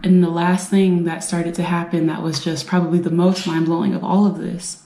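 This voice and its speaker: A woman from the United States telling her own survivor story in an earnest, halting way, repeating phrases for emphasis. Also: lowish voice, little pitch movement, mellow, slight background noise. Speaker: brain injury survivor and veteran speaker. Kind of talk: personal storytelling talk. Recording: roomy echo.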